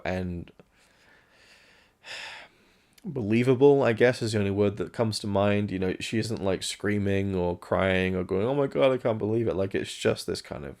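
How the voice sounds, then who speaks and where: Gravelly low-voiced man. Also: a little mellow. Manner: musing, candid, occasionally swears. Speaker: film reviewer. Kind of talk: casual spoken film review.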